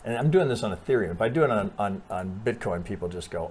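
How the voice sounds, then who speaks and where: A man's voice: on the low side, expressive, fast talker, a little mellow, a little hiss or hum. A man talking casually through trading charts, thinking aloud with restarts, frequent "right?" and blunt swearing. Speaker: trading analyst. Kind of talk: casual chart analysis over screen share.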